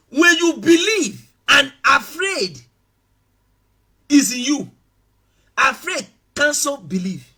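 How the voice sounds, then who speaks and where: A man preaching a sermon, swinging between loud shouted passages and quiet asides. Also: very high-pitched, sing-song, slow pace, long pauses. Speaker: pastor.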